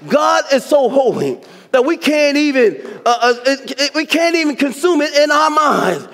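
A man preaching a fervent sermon, shouting and whooping praise to his congregation in a church sanctuary. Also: very high voice. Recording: long reverb of a church sanctuary.

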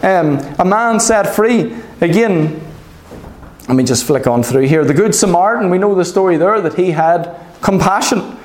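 A man preaching a sermon, animated and often asking "Amen?" of his congregation. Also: high voice, reverberant, rough recording.

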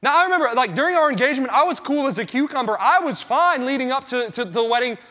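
Male pastor, 30s, high and bright, animated storyteller. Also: quick pace. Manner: animated storytelling, acting out his own panic. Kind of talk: sermon.

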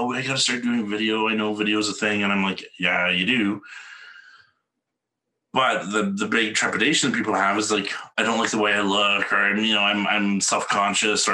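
A male podcast host conducts a casual interview, easygoing and rambling and quick to laugh. His voice is lowish but sharply bright and forward.

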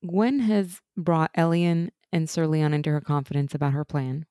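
A chatty woman co-hosting a casual rewatch chat. Her voice sits low and mellow, and she fills her talk with "like." The sound is dry and close. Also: fairly even intonation, dry recording. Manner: chatty, uses "like" often, quick laughs. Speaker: podcast co-host.

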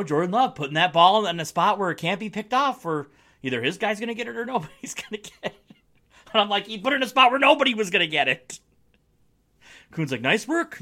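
A male podcast host riffing on his team's latest game in a loose, joking way, with frequent laughs. His voice is bright and forward, and his pitch rises and falls a lot. He sounds casual and chatty. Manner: joking, wry, laughs often. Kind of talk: casual solo sports podcast.

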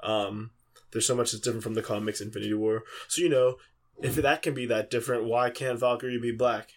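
A man's voice: medium pitch, little pitch movement, fairly quick. A young man co-hosting a casual podcast, rambling with lots of fillers. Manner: rambling, filler-heavy storytelling. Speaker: podcast co-host.

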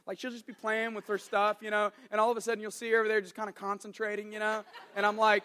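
A young adult man preaching a sermon as an animated, joking storyteller. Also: high voice, fast talker. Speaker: pastor.

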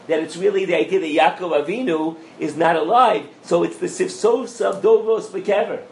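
Male rabbi, Torah class, animated, checks in with audience, slightly high voice, roomy hall mic. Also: slight background noise. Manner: animated, asks the audience questions, mixes in Hebrew and Yiddish terms. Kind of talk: lively Torah lecture to a live audience. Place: lecture room with an audience.

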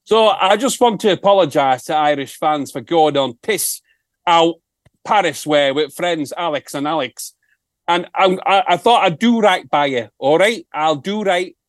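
A man impersonating a laid-back male rock singer with a put-on northern English accent and a slow, mumbling drawl. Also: on the high side, no room sound, studio quality, lightly acted. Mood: drawling apology.

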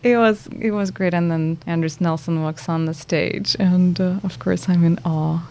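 Low gravelly woman. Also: fairly even intonation, normal speed. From Lithuania. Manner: warm, laughs often, speaks reflectively with restarts. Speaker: guest flutist. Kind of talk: casual interview chat.

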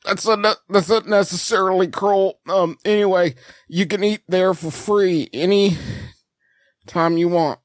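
A man's voice: sits high, fairly even intonation, unhurried, dry recording, clean studio sound, voice pushed up. A man doing a prank-call voice of a rambling, flustered small-town ham seller. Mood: awkward. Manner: awkward, oversharing, flustered prank-caller rambling. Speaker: prank caller.

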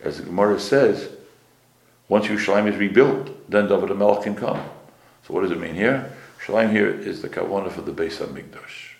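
A man's voice: low-pitched, brisk, creaky, roomy sound. A man teaching a class as a rabbi. He explains Hebrew phrases, repeats key words and asks the class questions, with pronunciation. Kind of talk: Torah class lecture.

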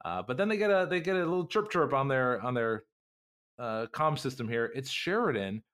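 A man's voice: medium pitch, animated, a little fast, a bit bright. A man hosting a casual podcast, animatedly retelling a TV episode and acting out the characters' lines. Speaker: podcast host. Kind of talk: casual recap chat.

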